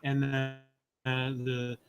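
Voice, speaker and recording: A man's voice: medium pitch, muffled recording. A man co-hosting a podcast, casually and animatedly retelling a comic story and briefly acting out its characters. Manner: animated retelling, voices characters in quick asides. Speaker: podcast co-host. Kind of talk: casual comic recap chat.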